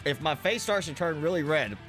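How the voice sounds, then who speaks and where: A man's voice: a little high, animated, a little fast, a bit bright, faint music behind. A man streaming a game live, chatting loosely while eating spicy food and coughing now and then. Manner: rambling, eating while talking. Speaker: gaming streamer. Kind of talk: casual live-stream chat.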